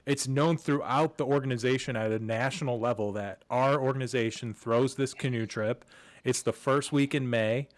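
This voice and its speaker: A man co-hosting a podcast, chatting casually and throwing in quick jokes. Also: mid-range voice. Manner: quick joking interjections. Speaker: podcast co-host. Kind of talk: casual chat.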